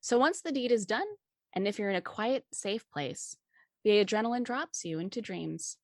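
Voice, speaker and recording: A woman narrating a story with a steady, measured reading. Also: mid-range voice, no echo, studio quality. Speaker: story reader. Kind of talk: scripted narration.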